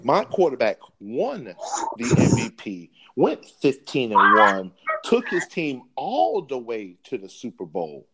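A man's voice: mid-range voice, huge pitch swings, takes it slowly, heavy background noise. A man co-hosting a sports podcast, arguing a point with emphatic, repeated words. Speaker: podcast co-host. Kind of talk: sports debate.

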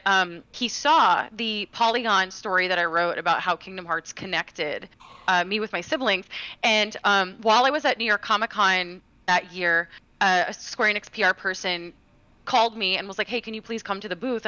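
A woman's voice: mid-range voice, moderate pace, pushed and bright, no echo, muffled recording. A woman co-hosting a gaming podcast, telling a personal story in a chatty way with many fillers and restarts. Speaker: podcast co-host. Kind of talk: casual chat, storytelling.

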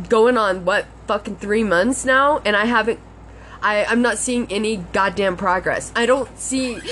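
A woman's voice: mid-range voice, slight background noise. A young woman hosting a podcast, venting in a rambling, profane way and sounding upset, close to tears at times. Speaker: podcast host. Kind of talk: casual venting monologue.

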